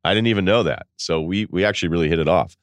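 A low-voiced man telling a story on his podcast moves at a quick pace, with no echo. His delivery is casual and animated, full of laughter and quotes performed in different voices.

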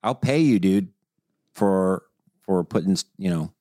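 A man's voice: low voice, a little slow, dark tone, no echo, clean studio sound. A man hosting a family podcast in casual chat, eager and repeating himself with trailing restarts. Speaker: podcast host and songwriter.

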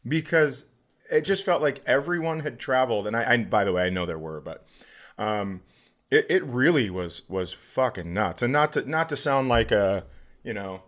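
A comedian co-hosting a podcast, telling a story in casual chat with many restarts and sudden bursts of excitement. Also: male voice, medium pitch, normal speed.

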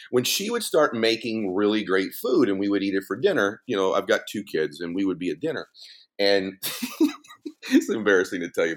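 A middle-aged man spinning an animated story as a podcast guest, his pitch leaping up and down as he goes. He laughs easily and mimics other people's voices along the way. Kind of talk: storytelling conversation.

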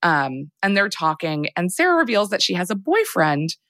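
Low-voiced woman, rambling recap. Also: very animated, moderate pace, fairly bright tone, no echo. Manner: rambling, filler-heavy. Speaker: podcast host. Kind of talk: casual film recap.

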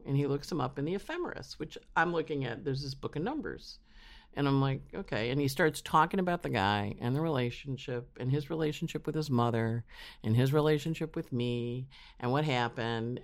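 A man being interviewed as an astrologer, telling his story casually and acting out quotes in animated voices. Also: medium pitch, brisk. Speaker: astrologer guest. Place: home in New York.

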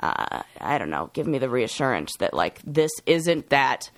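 A woman co-hosting a podcast, talking openly about her own feelings with halting restarts. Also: rumbling low, sing-song, no echo. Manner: open, confessional, halting with restarts. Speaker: podcast co-host. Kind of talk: casual podcast chat.

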